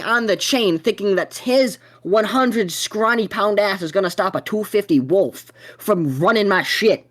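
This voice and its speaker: A young man hosting a podcast, telling a story in a profane, excitable way. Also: high-pitched, a little slow, few pauses. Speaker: podcast host.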